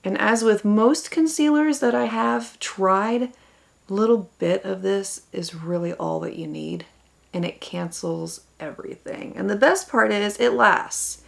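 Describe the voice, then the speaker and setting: Enthusiastic woman beauty vlogger walking through a makeup look, with a little vocal fry. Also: mid-range voice, a little slow. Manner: enthusiastic, exclaiming over products. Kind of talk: makeup tutorial talk to camera.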